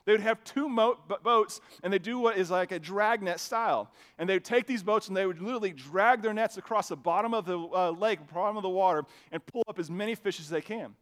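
A male pastor giving a sermon in a conversational preaching style that builds to emphatic bursts, speaking into a microphone in a church. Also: high voice. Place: church sanctuary with a sound system.

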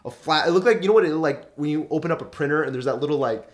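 A man's voice: fairly high pitch, racing. A young man telling loose, profane stories in a casual podcast chat, full of fillers and asides. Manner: loose and profane, many fillers, puts on his mother's voice in quotes. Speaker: podcast guest.

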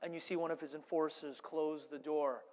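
A man preaching a sermon as a pastor, telling stories animatedly and swinging between hushed asides and loud, emphatic points. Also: on the high side, steady tone, normal speed. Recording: long hall reverb.

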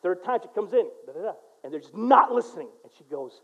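A man preaching a sermon in a casual, animated storytelling way, dropping to a hush and then rising to loud bursts. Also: high-pitched, fast talker, hardly any pauses, muffled recording. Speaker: pastor. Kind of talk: sermon with personal stories.

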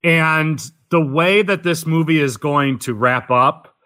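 A man's voice: on the high side, slow. A man co-hosting a casual movie podcast, frankly giving his opinions. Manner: lively, animated, frank opinions. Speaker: podcast co-host.

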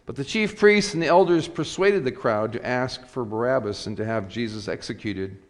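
A pastor leading worship, reading scripture and a prayer with a measured, deliberate cadence in a church sanctuary. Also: male voice, medium pitch. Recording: long reverb of a church sanctuary.

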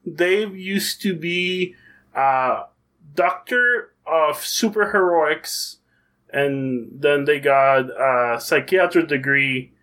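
A man chats eagerly about his tabletop game in an interview. His voice is bright and fairly high and his pace unhurried. He rambles and often corrects himself mid-thought. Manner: enthusiastic, rambling, self-correcting. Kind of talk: casual interview chat.

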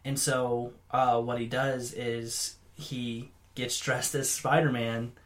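A man's voice: mid-range voice, flat delivery, slow, a bit bright. A man in casual podcast chat, earnest and hesitant, full of ums and uhs. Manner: hesitant, filler-heavy, earnest.

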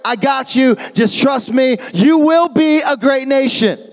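A man voicing God as a firm, reassuring figure in a sermon, speaking with emphasis that rises to shouts. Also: very high voice, unhurried, soft background music, pitched above the performer's own voice. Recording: long echo of a large hall.

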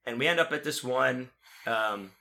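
A young man tells a rowdy bar story in casual conversation, swearing freely and acting out the other people's lines. His voice has a very bright, forward tone at an ordinary pitch. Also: normal speed, vocal fry. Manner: profane, animated storytelling with acted-out quotes.

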